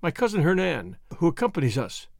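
Guy reading as a sad earnest young woman, soft and solemn, dry close mic. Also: fairly high pitch, wildly swooping pitch, brisk, vocal fry, dry recording, heavily acted. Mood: tender, sorrowful. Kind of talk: audiobook reading.

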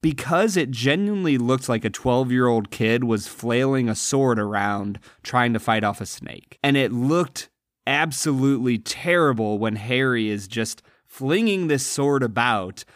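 A man's voice: medium pitch, animated, a little slow, dry recording, studio quality. A man co-hosting a podcast, earnestly discussing a film and its performances. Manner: earnest, admiring. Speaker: podcast co-host. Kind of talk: casual film review chat.

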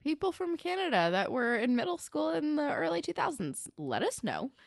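A woman's voice: high-pitched, normal speed, vocal fry, no echo, studio quality. A young woman co-hosting a casual podcast, animatedly retelling a TV episode and acting out the lines. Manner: animated retelling with acted-out quotes. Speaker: podcast co-host recapping a TV episode. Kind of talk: casual chat.

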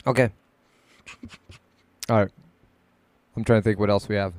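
An easygoing podcast co-host with an Upper Midwest American accent, mostly answering briefly. His voice sits on the low side, and the sound is dry and close. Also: fairly even intonation, moderate pace, darkish tone, no room sound. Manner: laid-back, short agreeing replies. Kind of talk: casual podcast banter.

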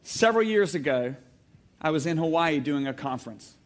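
Male pastor, sermon style, a touch high, very lively pitch, animated storyteller who rallies the crowd. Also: normal speed. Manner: animated storytelling, bursts into loud exclamations; calls on the congregation to shout back. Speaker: preacher. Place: church hall before a congregation.

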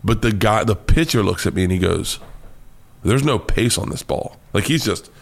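A male comedian from the United States tells wild stories in a casual interview. He swears freely and gets animated, often breaking into laughter. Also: on the low side, normal speed, creaky. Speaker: comedian guest.

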